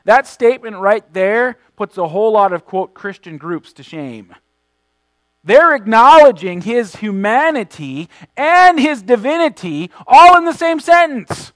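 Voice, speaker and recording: High-voiced man preaching emphatically. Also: very animated, a bit bright, no room sound, rough recording. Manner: emphatic preaching, stressing key words by slowing down and swelling in volume; repeats words while restarting phrases. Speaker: pastor. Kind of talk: sermon.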